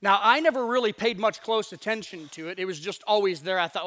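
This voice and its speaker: A male pastor with a high, bright voice preaches in a casual, chatty style from a church sanctuary. He speaks conversationally and slips into acted-out voices as he talks. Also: fairly quick, few pauses. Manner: conversational, acts out voices in asides. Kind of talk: casual sermon.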